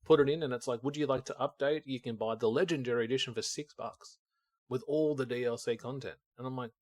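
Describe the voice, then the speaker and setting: A man's voice: mid-range voice, fast, a little mellow, dry recording. A man co-hosting a podcast, rambling casually and acting out his own thoughts as he talks. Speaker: podcast co-host. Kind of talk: casual chat.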